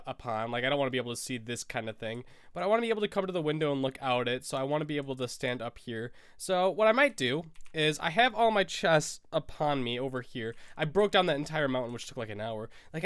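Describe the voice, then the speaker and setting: A man's voice: a little high, a bit bright, clear, resonant tone, no echo, clean studio sound. A young American man with a cold, stuffy and sniffling, rambling through casual gameplay commentary as a Minecraft YouTuber. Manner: rambling, self-correcting, sniffling.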